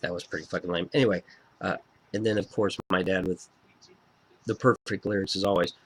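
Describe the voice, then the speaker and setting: An excitable man reviews an album he loves in a casual video. He swears freely and gets worked up as he talks. His voice sits on the low side. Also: a little fast, breathy edge, no echo. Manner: excitable, profane and fan-gushing.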